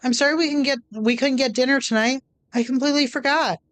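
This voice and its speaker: A bubbly, clumsy schoolgirl squealing with breathless excitement, played by a woman reading a game aloud. Her voice jumps well above the reader's own, bright and eager, with a close, dry sound. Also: high-pitched, fast, dry recording, pitched above the performer's own voice, lightly acted. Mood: apologetic.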